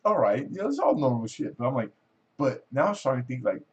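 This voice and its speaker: A man's voice: medium pitch, big pitch swings, quick pace, muffled recording. A middle-aged man hosting a casual chat, rambling through stories, acting out what people said and laughing often. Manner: rambling storytelling, acts out quoted voices, laughs often. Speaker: host.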